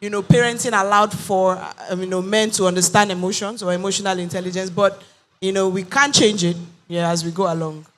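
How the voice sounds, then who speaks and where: A woman talks in a bright, crisp tone. She makes her points earnestly and with emphasis, in the back-and-forth of a panel discussion. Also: medium pitch, fairly even intonation, brisk, slight background noise. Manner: earnest, emphatic, acts out quoted voices. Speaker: panel guest.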